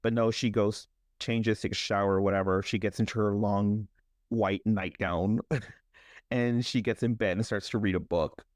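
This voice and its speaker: A man's voice: lowish voice, measured pace, no room sound, studio quality. A man co-hosting a podcast, casually recapping a movie and acting out the characters' lines. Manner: animated, acts out characters' lines in exaggerated voices. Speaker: podcast co-host.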